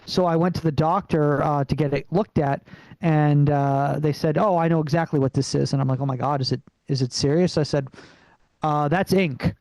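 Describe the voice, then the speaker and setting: Guy doing standup on a video call, kinda high voice, lots of ums and uhs, dry sound. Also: steady tone, a little mellow, dry recording, poor audio. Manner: rambling, halting delivery with many fillers. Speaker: stand-up comedian.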